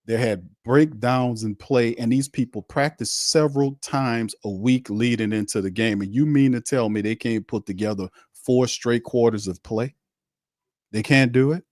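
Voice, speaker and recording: A man's mid-range, somewhat mellow voice moves at a moderate pace in a dry, studio-quality recording. As a sports show host on a live watch stream, he delivers a heated, blunt rant, repeating his points and mocking the other side.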